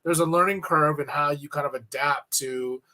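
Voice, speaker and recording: A man's voice: a little high, normal speed, pushed and bright. A man hosting a talk radio show, asking long, rambling questions in a casual conversational way. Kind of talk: radio interview.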